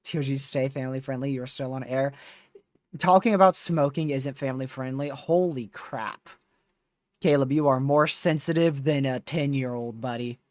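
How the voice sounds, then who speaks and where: A man's voice: medium pitch, fairly quick, dry recording, studio quality. A man hosting a live severe-weather stream, talking casually with viewers while reading radar, his voice starting to wear out. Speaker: livestream host.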